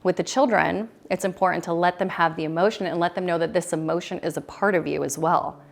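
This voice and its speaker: Gravelly low-voiced woman presenter. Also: fairly even intonation, fast. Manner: loose, rambling delivery with many fillers and restarts. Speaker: retreat presenter. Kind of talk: casual talk to a small group. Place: retreat room.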